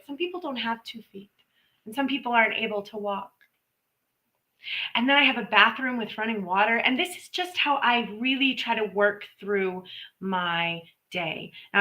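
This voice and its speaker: A woman's voice: a little high, bright, forceful tone, poor audio. A woman hosting a live intuitive reading stream, talking in a chatty, rambling way with playful asides. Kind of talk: casual live-stream talk. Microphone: live stream microphone.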